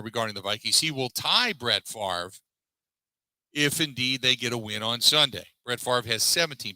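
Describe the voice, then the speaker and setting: A man's voice: mid-range voice, bright, forceful tone, no room sound, rough recording. A man hosting a sports talk show, recapping a press conference and reeling off statistics in a conversational way, with many fillers. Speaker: sports radio host. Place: live broadcast from a pub.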